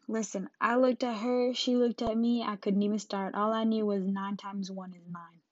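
A woman hosts a podcast and tells a personal story in an animated, casual way, acting out the scenes as she goes. Her voice sits in a middle pitch. The recording is dull and dry. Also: moderate pace, no room sound. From Jamaica. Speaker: podcast host.

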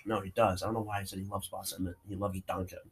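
A man's voice: low-pitched, flat delivery, rapid-fire, husky. A young man co-hosting a casual podcast chat, laid-back and full of "dude" and "bro.". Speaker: podcast co-host.

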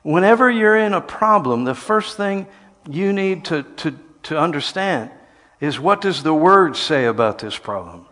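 An older man preaching a sermon, telling stories and swinging between quiet passages and loud, shouted lines. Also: a little high, animated, unhurried, few pauses. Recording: long hall reverb.

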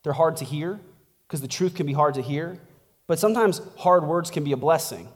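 A man's voice: on the high side, fairly quick, long reverb tail. A man preaching as a pastor in a casual, conversational sermon, chatty and laughing, tossing in "like" and "right?" as he goes. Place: church.

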